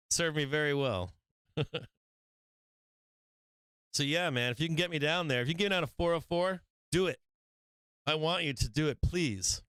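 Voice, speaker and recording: A brash man rambles about buying dips, swearing freely and breaking into laughter between lines. His voice is smooth and clean, heard close and dry on a studio mic. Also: a little high, moderate pace, pauses often, fairly bright tone, no room sound. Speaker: livestream market show host. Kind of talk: casual livestream trading talk. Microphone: studio microphone.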